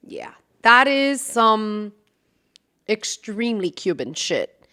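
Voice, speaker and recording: A young woman hosting a casual solo podcast, chatty and animated, laughing often and swearing freely. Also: a little high, takes it slowly, long pauses, clean tone. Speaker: podcast host.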